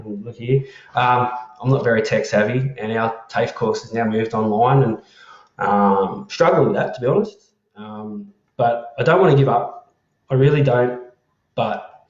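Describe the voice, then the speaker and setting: An Australian man hosting a casual live chat, rambling and affectionate as he repeats himself through shout-outs to viewers. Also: medium pitch. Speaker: host of an online community live chat. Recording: roomy and dull lo-fi sound.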